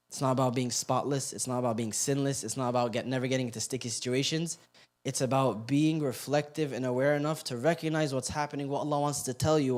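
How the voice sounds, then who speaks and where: A man giving a youth sermon, joking and animated while telling the story, then quiet and earnest as he drives the lesson home. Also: medium pitch. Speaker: youth halaqa speaker. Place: youth center hall.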